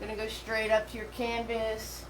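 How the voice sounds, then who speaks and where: A middle-aged woman running a live painting class talks in a chatty, meandering way, restarting often and using many fillers. Her fairly high voice is completely flat at normal speed, and she's far from the mic in a roomy space with faint hum.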